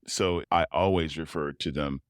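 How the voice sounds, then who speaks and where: Deep low male voice, guest storyteller, animated, laughs a lot, dry close sound. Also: moderate pace, dry recording. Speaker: guest, principal tuba player. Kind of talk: interview storytelling.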